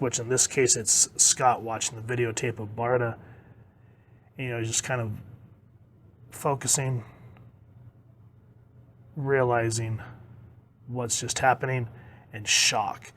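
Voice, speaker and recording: A man's voice: mid-range voice, a little hiss or hum. A man chatting casually and enthusiastically as a comic book reviewer, reading quotes aloud.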